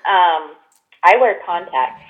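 A woman guest on a podcast, telling a story in casual chat and acting out the voices in her quotes with big jumps in pitch. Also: lively intonation, slow pace. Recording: dull lo-fi sound.

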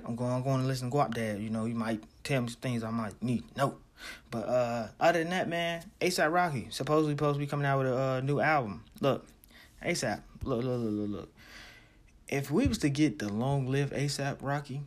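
A man's voice: medium pitch, moderate pace. A man hosting a music show, chatting loosely with many fillers and repeats. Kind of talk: casual chat.

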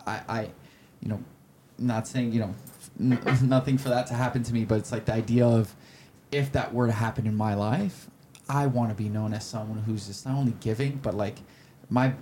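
A man in his twenties, a podcast guest, telling heartfelt stories in an earnest, halting way. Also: medium pitch, steady tone, mellow, a little hiss or hum. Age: 20s. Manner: halting, searching for words. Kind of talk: casual interview chat.

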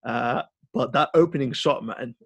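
A man co-hosting a podcast, chatting casually and rambling through an animated story with lots of fillers. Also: mid-range voice, normal speed, creaky, slightly rough, no room sound. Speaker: podcast co-host. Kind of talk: casual film chat.

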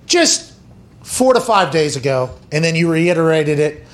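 A man with a fairly high voice and a measured pace hosts a sports podcast, keeping it a casual sports chat. He tells crude comic stories loosely and jokingly, animated and building his comic rants as he goes.

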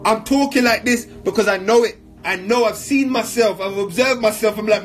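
A man's voice: sits high, moderate pace, few pauses, faint music behind. A man giving an emphatic, repetitive motivational talk in slang while answering audience questions.

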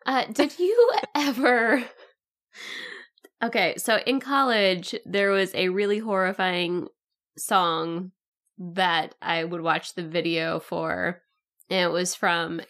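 Animated chatty woman co-host. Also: lowish voice. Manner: animated, tangent-prone, laughs often. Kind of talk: casual podcast chat.

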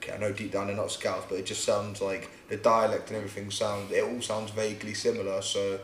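A man's voice: fairly low pitch, level tone, fast talker. A man co-hosting a podcast at home, bantering loosely with lots of fillers. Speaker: podcast co-host. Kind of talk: casual chat. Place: living room of a home. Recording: roomy home recording with faint hiss.

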